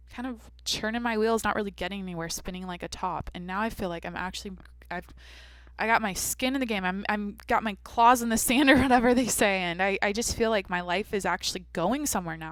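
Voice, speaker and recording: A woman's voice: mid-range voice, a bit bright, clear, resonant tone, no room sound. A woman in her twenties hosting a solo podcast, rambling candidly and swearing casually into a microphone in a small home studio. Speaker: podcast host.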